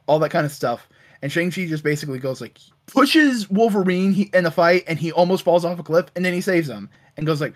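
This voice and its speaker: Animated man recapping comics. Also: high voice, brisk. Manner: animated, acts out characters' lines with filler "uh". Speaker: comics podcast co-host. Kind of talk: casual recap of a comic issue.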